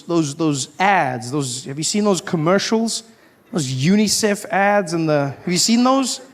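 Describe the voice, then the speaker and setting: South African man doing wry stand-up. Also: high-pitched. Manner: wry, self-mocking, acts out characters. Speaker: stand-up comedian. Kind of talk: stand-up comedy set. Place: live comedy stage.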